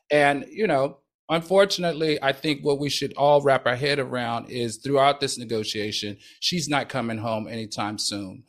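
A man's voice: mid-range voice, steady tone, normal speed. A man co-hosting a casual news talk show, making his points with emphatic, punchy delivery. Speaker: co-host.

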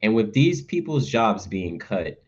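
A man's voice: on the low side, big pitch swings, unhurried, muffled recording. A man co-hosting a podcast, rambling in casual chat with lots of restarts and acted-out asides. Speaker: podcast co-host.

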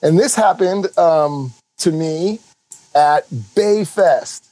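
A middle-aged man co-hosting a podcast, telling stories in an animated, rambling way full of restarts. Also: on the high side, takes it slowly, rough recording. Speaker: podcast co-host. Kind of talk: casual chat.

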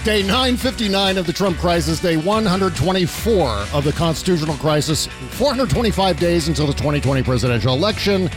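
A man hosting a talk podcast, chatty and quick to laugh. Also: sits high, lively intonation, music in the background. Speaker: podcast host. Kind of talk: casual talk show banter.

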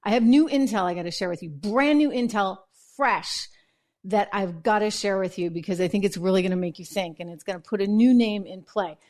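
A woman hosting a political commentary show, telling stories in a chatty, animated way. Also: mid-range voice, fairly quick. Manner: chatty, animated storytelling with laughs. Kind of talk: casual news commentary.

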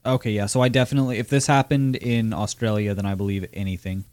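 An American man co-hosting a podcast in casual chat, cutting in with quick jokes and laughing often. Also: fairly low pitch, fairly even intonation, a little mellow. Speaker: podcast co-host.

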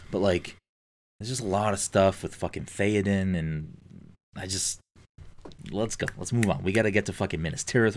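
A man with a very low, deep voice talking in a loose, casual podcast chat. He is enthusiastic and swears constantly, with lots of filler words between his points.

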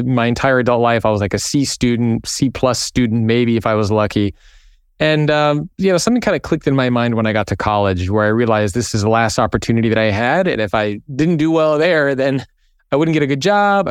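A man recounts his own story as a podcast guest, animated and vivid, voicing the people in it. His tone is smooth and resonant, recorded close in a dry space. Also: mid-range voice, fairly quick, no room sound. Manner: animated storyteller, acts out quoted voices.

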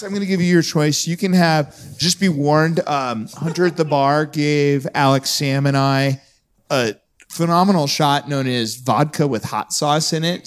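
A man speaking bluntly and jokingly on a live podcast panel at a conference, throwing out provocative hot takes. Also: fairly high pitch.

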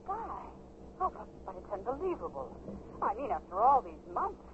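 An actress playing a loving, anxious young woman in a 1950s radio drama, gentle and soothing. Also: mid-range voice, big pitch swings, normal speed, lightly acted. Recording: muffled, hissy 1950s radio broadcast.

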